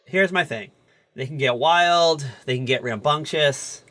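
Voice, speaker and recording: A man's voice: a little high, a little slow, dry recording. A man with a Northeastern US accent, co-hosting a podcast in casual, jokey chat. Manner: excitable, jokey, animated. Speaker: podcast co-host.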